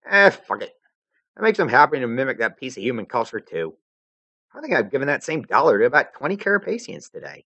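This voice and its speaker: A man's voice: medium pitch, big pitch swings, fairly quick, gravelly, pushed and bright, no room sound, voice pushed up, heavily acted. A man voicing a brash teenage troll girl whose cocky talk turns shaky and full of stammers.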